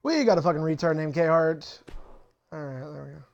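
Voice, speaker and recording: A young man hosts an online wrestling league on a livestream, casually setting up matches while cursing impatiently at late players in a profane, bossy way. His voice is a little high, animated, gravelly and darkish, at normal speed, and the recording sounds muffled.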